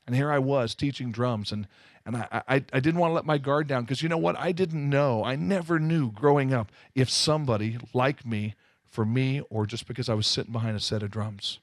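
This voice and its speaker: A man from Southern California telling his life story to an audience, animated and full of self-mocking humor. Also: medium pitch, fairly quick, no echo, studio quality. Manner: animated storytelling, acting out quoted voices. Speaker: speaker giving his testimony. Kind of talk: testimony to a live audience.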